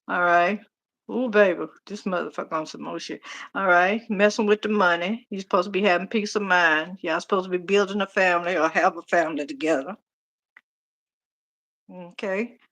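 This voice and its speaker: A middle-aged woman, casually reading tarot on a live stream, animated and talking straight to viewers. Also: medium pitch. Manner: chatty, animated, talks to viewers directly. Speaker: tarot reader.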